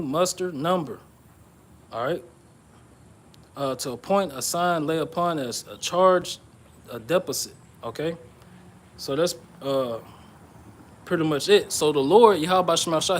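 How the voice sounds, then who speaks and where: Man preaching bible prophecy, fairly high voice. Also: fairly bright tone, slight background noise. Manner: reads scripture aloud and explains it, checking with "okay?" and "all right?"; pauses with "uh" and restarts. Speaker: bible teacher. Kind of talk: informal sermon on prophecy.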